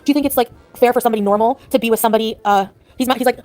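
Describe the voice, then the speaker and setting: A woman's voice: on the high side, animated, very fast, faint music behind. A woman talking in a casual live chat, upset and rambling with lots of "like"s. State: distressed. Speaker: livestreamer.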